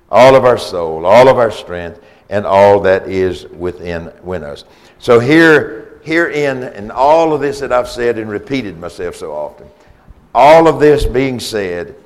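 Preaching a sermon, a low-voiced man with a Southern US accent speaks earnestly and insistently. He keeps restarting and repeating phrases to hammer his point home.

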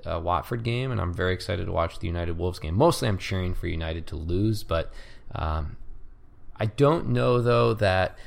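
A man's voice: low voice, creaky. A man co-hosting a casual sports podcast, rambling and hesitant with many fillers. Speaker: podcast co-host.

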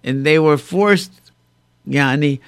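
Animated storytelling man, dry sound. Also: a little high, slow, smooth, no room sound. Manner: animated storyteller acting out quoted speech; sprinkles Hebrew and Yiddish terms. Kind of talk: casual storytelling in conversation.

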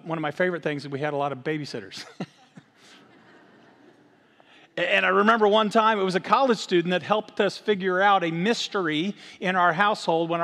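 A middle-aged man, the lead minister, giving a sermon that mixes Bible reading with lively family stories. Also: on the high side. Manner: animated when telling stories, earnest in prayer. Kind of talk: sermon with storytelling. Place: church sanctuary. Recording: long hall reverb.

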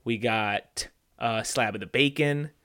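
A man's voice: medium pitch, slow, bright, forceful tone. A man co-hosting a podcast, telling a food story with dry, joking asides. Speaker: podcast co-host. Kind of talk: casual chat.

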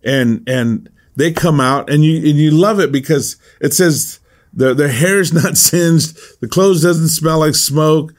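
A man's voice: fairly high pitch, takes it slowly. A middle-aged man, a pastor, giving a devotional Bible teaching in a conversational way, often repeating words as he gathers his thoughts.

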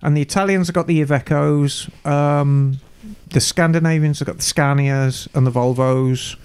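A man's voice: fairly high pitch, steady tone, moderate pace, darkish tone, smooth. A man co-hosting a podcast, chatting casually and speaking knowledgeably and with enthusiasm. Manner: knowledgeable, enthusiastic about vehicles. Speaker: podcast co-host. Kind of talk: casual chat.

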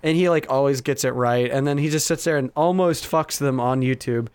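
A man's voice: mid-range voice, fairly quick, clear, resonant tone. A young man co-hosting a casual chat, rambling through stories with plenty of fillers and restarts. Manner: rambling, frequent fillers and restarts, animated storytelling. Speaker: podcast co-host.

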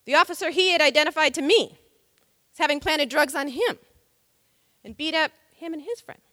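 A woman's voice: high-pitched, moderate pace, bright, forceful tone, no room sound, studio quality, in a large hall. A woman civil rights lawyer telling a story on stage, vivid and dramatic. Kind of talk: storytelling talk.

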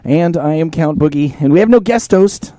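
A man co-hosting a podcast, chatting casually in front of a live studio audience, profane and quick to shout and laugh. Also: on the high side, lively intonation, no echo. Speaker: podcast co-host. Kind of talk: casual comedic chat.

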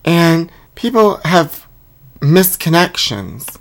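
A man's voice: fairly high pitch, sing-song, takes it slowly, gravelly, fairly bright tone. A man hosting a comedy podcast, bantering in a sassy, theatrical way, singing snippets of lyrics and reading aloud with mock drama. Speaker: podcast host.

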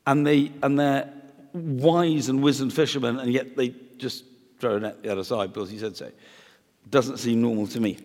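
Chatty preacher in a reverberant hall. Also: male voice, medium pitch. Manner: chatty and animated, with playful asides and restarts. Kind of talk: conversational sermon.

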